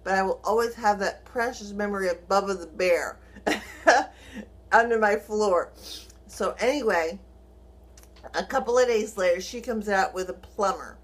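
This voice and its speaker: A middle-aged woman speaks to her camera as a vlogger, telling a story from her own life. Her pitch sits in an ordinary middle range. She talks with energy and voices the people in her story as she goes. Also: unhurried, long pauses. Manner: animated, acts out quoted dialogue, chuckles while telling.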